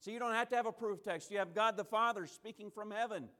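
Preacher, male, high pitch; emphatic sermon delivery, repeats lines for weight. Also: fast talker, sharp tone. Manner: emphatic, repeating and restarting phrases, acting out quotes.

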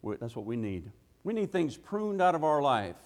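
A man's voice: on the high side, very animated, moderate pace, a little mellow. Emphatic folksy male preacher. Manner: emphatic, rhetorical questions, frequent "hey" interjections; folksy, drops into "gotta" and "ain't". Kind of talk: evening church sermon. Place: church sanctuary. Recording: long reverb of a church hall.

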